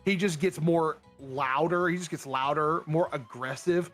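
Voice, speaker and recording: A man's voice: fairly high pitch, measured pace, soft background music. A young man hosting a livestream, chatting casually with friends and giving his opinions. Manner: animated, opinionated, jumps into mock voices. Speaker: streamer host. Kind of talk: casual chat.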